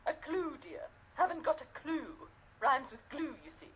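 An actress playing a prim, formal older widow who runs the manor, speaking in a video game. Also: female voice, sits high, animated, unhurried. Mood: amused. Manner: formal, scolding, sometimes wistful.

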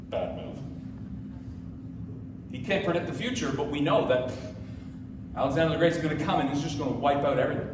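A male pastor with a fairly high voice tells a story in a lively, animated way, adding many asides for his congregation. His voice booms around a large, reverberant sanctuary and is picked up from a distance, with faint room ambience underneath. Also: background noise. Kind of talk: sermon. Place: church sanctuary. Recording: echoey hall from far off.

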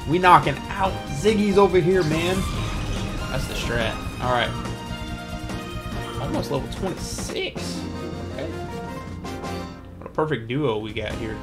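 A man's voice: fairly high pitch, measured pace, long pauses. Hyped-up man doing game commentary. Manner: animated and hype, slangy. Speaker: let's play host. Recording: commentary over loud game music. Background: game music.

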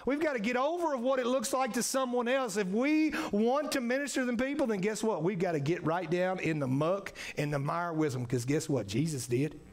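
A man with a high, gravelly voice preaches an earnest sermon in a church. He leans on repetition and keeps checking in with his listeners with "right?" at the end of his phrases. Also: lively intonation, fairly quick, hardly any pauses. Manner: earnest, repetitive, frequent "right?" tag questions. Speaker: pastor. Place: church sanctuary.

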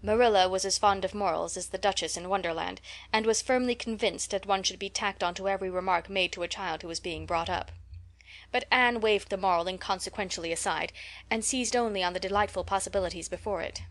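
A woman reads a classic novel aloud as an audiobook narrator. Her delivery is measured and even, in a middle pitch.

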